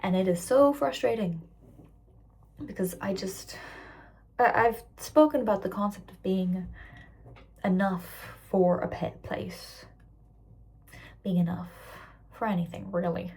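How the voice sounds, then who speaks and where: A young woman of about twenty speaks with a mixed British-American accent, tired after a shift. Her voice is breathy and husky. She rambles candidly through a casual vlog rant and often sinks into soft whispers. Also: medium pitch, a little slow, pauses often. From raised internationally, living in Britain. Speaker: waitress vlogger.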